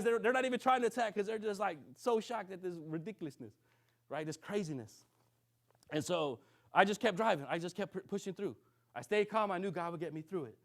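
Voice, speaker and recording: Male minister, quick speech, high voice, storytelling sermon, acts out quotes. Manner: lively storytelling, acts out quoted dialogue, keeps checking in with the congregation.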